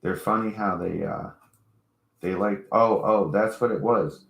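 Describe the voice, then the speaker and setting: Casting: very low-voiced man, casual profane ranter, mocks others in retold quotes. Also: a little slow, creaky, fairly bright tone. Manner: profane, mocking, rambling storytelling. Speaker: channel host. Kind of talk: casual rant to camera.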